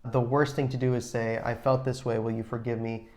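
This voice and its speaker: A man co-hosting a podcast with his wife, talking in a measured, reflective way with frequent restarts. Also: mid-range voice, level tone, darkish tone. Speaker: podcast co-host, husband. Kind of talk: casual advice chat.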